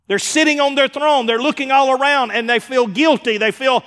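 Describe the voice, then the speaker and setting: A man preaching as a pastor, who acts out the people he quotes and swings between loud and hushed delivery. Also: very high-pitched, normal speed, big-room sound. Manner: preacher acting out quoted voices, rising and dropping in volume. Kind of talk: sermon. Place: church sanctuary.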